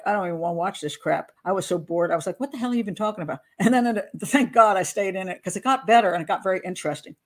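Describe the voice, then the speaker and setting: A woman hosting a casual commentary show as a criminal profiler. She talks loosely to camera, rambles and teases herself as she searches aloud for her material. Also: on the low side. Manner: rambling, searching aloud for notes, self-deprecating.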